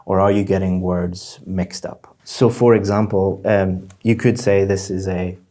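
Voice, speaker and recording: Low-voiced man explaining exam scores. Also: fairly even intonation, measured pace, warm tone. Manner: clear, methodical teacher giving examples. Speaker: IELTS examiner giving feedback. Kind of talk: explaining test scores to a candidate.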